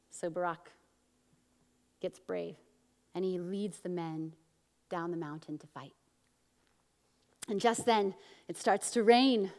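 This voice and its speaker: A woman pastor preaching a sermon and telling a story, acting out the quotes with big swings from loud to soft. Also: fairly low pitch, slow, pauses often, long reverb tail. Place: church.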